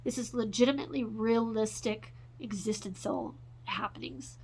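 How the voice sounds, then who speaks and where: A woman in her forties ranting in an unscripted, profane monologue, rambling and swinging between loud outbursts and low mutters. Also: normal speed, husky, rough recording. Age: 40s.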